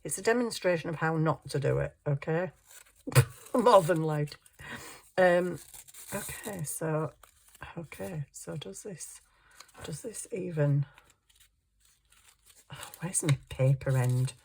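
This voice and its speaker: Woman, low register, chatty self-mocking craft vlogger thinking aloud at her desk. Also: slow pace, creaky, pauses often, slight background noise. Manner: chuckles often while working. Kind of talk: casual crafting chat.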